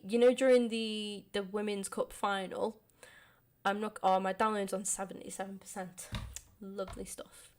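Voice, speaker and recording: A young woman streamer chatting casually at the end of a football watch-along, ranting about refereeing with lots of ums and some swearing. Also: medium pitch. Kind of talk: casual live-stream chat.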